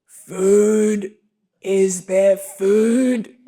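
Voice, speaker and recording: A man voicing a dopey male retriever dog in a hospital bed, speaking in a scratchy, slow, pleading voice at a live story reading. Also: high voice, steady tone, mellow, pitched above the performer's own voice.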